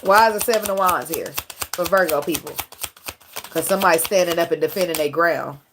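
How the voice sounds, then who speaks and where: In a casual tarot-reading monologue with background noise, a woman with a lowish voice speaks briskly to her viewers. Her tone is preachy and profane, and her faith stirs real emotion in her.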